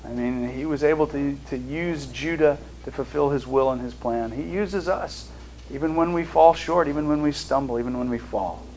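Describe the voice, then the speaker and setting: A man teaching a Bible study in a conversational way. He reads scripture aloud and pauses to explain it, with fillers and restarts. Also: medium pitch, slight background noise, low-quality recording. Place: seated, studying notes.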